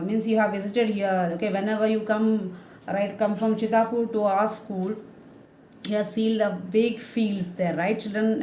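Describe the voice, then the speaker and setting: A woman's voice: warm tone, echoey room, slight background noise. A woman teaching a primary school lesson, explaining words simply and spelling them out for children. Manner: acts out characters' lines with raised pitch.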